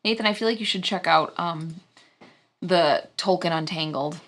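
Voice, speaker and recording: A woman's voice: on the low side, moderate pace, fairly bright tone. A woman co-hosting a live board game stream. She chats casually and jumps from topic to topic as she plays. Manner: chatty, jumps between topics. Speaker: co-host of a board game channel. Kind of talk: casual chat while playing a board game.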